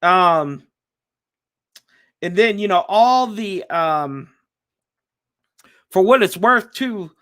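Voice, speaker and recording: Male podcast host with a high-ish voice, casual and chatty, talking from home. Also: lively intonation, drawn-out words, long pauses, fairly bright tone, smooth, dry recording, studio quality. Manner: loose and chatty, with frequent fillers and self-corrections. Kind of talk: casual sports preview chat.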